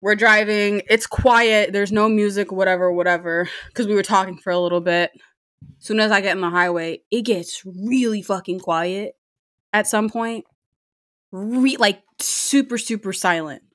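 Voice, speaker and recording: A young woman telling a story about a date in a casual monologue, lively and profane, laughing often. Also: mid-range voice, moderate pace. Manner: animated, swears freely, laughs often.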